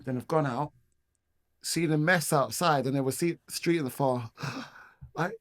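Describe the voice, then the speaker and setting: A man's voice: a little high, normal speed, fairly bright tone, no echo. A middle-aged man from Manchester tells his story with a slightly raised voice, slipping into the voices of the people in it. His speech rambles with casual slang. The sound is dry and close. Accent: Manchester English. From England. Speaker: guest. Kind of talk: personal testimony storytelling.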